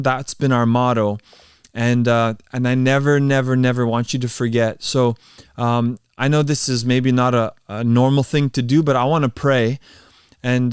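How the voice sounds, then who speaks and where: A man's voice: medium pitch, clean tone, no room sound, clean studio sound. A man hosting a casual livestream, talking earnestly with many fillers, then leading a prayer. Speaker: channel host and worship drummer.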